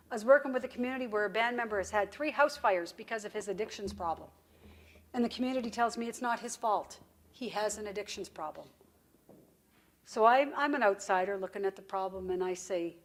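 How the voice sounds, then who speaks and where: A woman's voice: mid-range voice, fairly quick. A woman giving a conference presentation in a direct, folksy storytelling manner.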